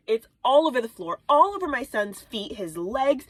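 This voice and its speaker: A woman in her thirties tells a story to camera, bright and high-pitched, with big swoops in her voice and sudden whispered asides. The sound is close and dry, with no room echo, as she hides in a small closet. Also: moderate pace, hardly any pauses. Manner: animated, exaggerated retelling with whispered asides. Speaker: mom vlogger. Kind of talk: casual storytelling vlog.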